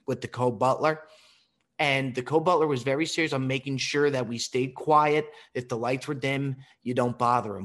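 A male podcast host tells workplace stories in a casual, animated way, swearing freely and slipping into the voices of the people involved. His voice sits at an ordinary middle pitch. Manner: animated, profane, acts out quotes. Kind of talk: casual storytelling.

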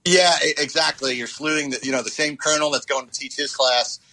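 A man in his forties recalling a hard day in an interview, often pausing and restarting with fillers. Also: fairly high pitch, fairly even intonation, sharp tone, slight background noise, rough recording. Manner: halting, many fillers and restarts. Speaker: interview guest. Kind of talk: personal recollection interview.

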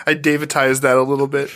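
A man's voice: medium pitch, level tone, brisk, fairly bright tone. A man hosting a podcast, talking casually, laughing often and swearing freely. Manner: laid-back, profane, laughs a lot. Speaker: podcast host.

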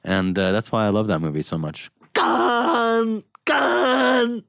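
A man's voice: low-pitched, fast talker, no echo, studio quality. A man hosting a casual chat, rambling and joking with frequent laughs and swearing. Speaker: podcast host.

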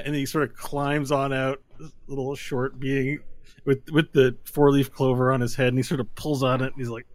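A man narrating a tabletop game as game master, describing scenes slowly. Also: mid-range voice, a bit bright, dry recording. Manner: slow, descriptive, chuckling between scenes.

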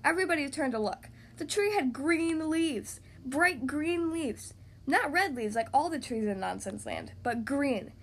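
High-voiced woman reading a children's story. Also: a little slow. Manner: expressive, animated storytelling. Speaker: podcast host and story reader. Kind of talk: children's story read-aloud.

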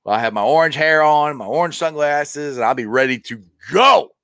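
Male sports stream host, animated delivery, dry close mic, rambling and excitable. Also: on the high side, normal speed, dry recording. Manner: excitable, rambling, laughs often. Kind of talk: casual live-stream chat.

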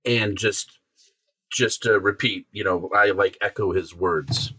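A man's voice: on the low side, takes it slowly, pushed and bright, slightly rough. A man playing a tabletop game, hesitant and full of fillers as he thinks aloud. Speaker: player. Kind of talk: casual tabletop play.

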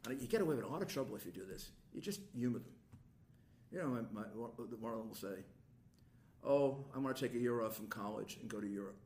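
A man's voice: mid-range voice, lively intonation, fast, darkish tone. Older guy, chatty storyteller, does his relatives' voices, roomy sound, faint hiss. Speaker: guest. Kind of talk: casual storytelling chat. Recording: roomy room echo.

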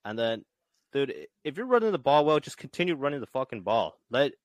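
A man co-hosts a casual football podcast, rambling through his points with plenty of fillers and swearing. His voice sits at an ordinary pitch. The recording is dry and close. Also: sing-song, fairly quick, no room sound. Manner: rambling, profane, filler-heavy. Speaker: podcast co-host. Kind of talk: casual sports chat.

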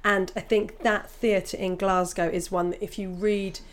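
A woman stand-up comedian in a relaxed conversation. She talks in a chatty way and often restarts her sentences. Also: medium pitch, a little slow. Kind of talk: casual chat.

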